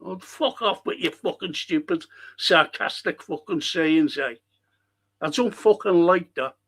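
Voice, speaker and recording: A man hosting a live football watchalong, reading chat messages aloud and answering them in a blunt, sweary, quick-tempered way. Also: on the high side, a bit bright, breathy edge.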